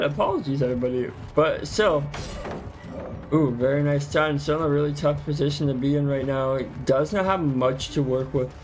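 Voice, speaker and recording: A man casting a live video game match as play-by-play commentary, chatty and quick to exclaim, often correcting himself mid-sentence. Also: fairly high pitch, faint music behind. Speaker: esports caster.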